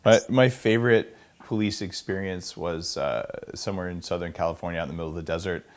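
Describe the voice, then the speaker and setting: A man hosting a podcast, asking questions and telling stories in a relaxed, casual way. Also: sits low, fast. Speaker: podcast host. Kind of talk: casual interview talk.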